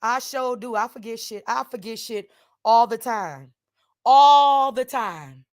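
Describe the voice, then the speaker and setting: A woman hosting her channel, ranting angrily at someone. She repeats herself, swears, and swings from low muttering to shouting. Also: moderate pace, no echo, clean studio sound. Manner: swears freely, addresses viewers directly. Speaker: channel host. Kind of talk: heated direct-to-camera rant.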